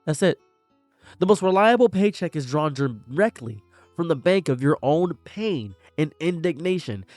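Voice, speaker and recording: A man ranting in a sarcastic, theatrical commentary voice, dropping to hushed mutters and then bursting into shouts. His pitch moves all over the place. The recording is dry and close, with faint music playing underneath. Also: expressive, moderate pace, dry recording. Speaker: commentary YouTuber.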